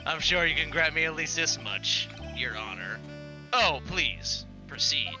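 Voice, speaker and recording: A man's voice: fairly high pitch, expressive, measured pace. A man voicing a cool, brooding male prosecutor obsessed with coffee, with dramatic delivery and game music behind.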